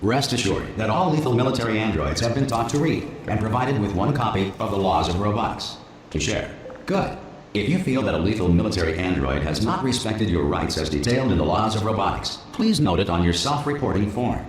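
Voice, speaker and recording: A low-voiced male announcer system reads formal notices in a measured, lilting delivery, as a man acts it out. It sounds echoey and roomy, with noise underneath, as part of a video game. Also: expressive, close to an everyday voice. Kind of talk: recorded public announcement.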